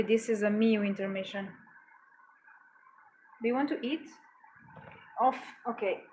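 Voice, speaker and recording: A woman's voice: on the high side, darkish tone, slight background noise, poor audio. A woman vlogging at home, chatting casually and cooing affectionately to her cat while she works. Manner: cooing, affectionate pet talk.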